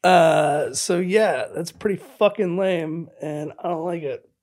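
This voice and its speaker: A man putting on a slow, whiny, high-voiced dude who grumbles in a drawn-out, sulky way. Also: a little mellow.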